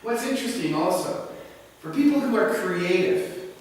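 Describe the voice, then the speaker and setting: A man's voice: high-pitched, moderate pace. A man giving a live lecture, telling stories in a loose, digressive way with many fillers. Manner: animated, digressive storytelling with many "you know" fillers. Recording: echoey hall, speaker far from mic.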